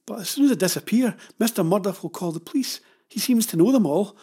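Man putting on a high, fiery ten-year-old girl. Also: lively intonation, fast talker, dark tone, breathy edge, exaggerated voice. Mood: anxious. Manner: heated, indignant outbursts. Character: spirited ten-year-old farm girl, quick to anger.

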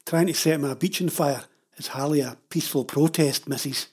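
A burly, stubborn father barks gruff and forceful orders to defend his land, voiced by a male narrator. His voice is husky and sits a little high for a man. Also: moderate pace. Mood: angry.

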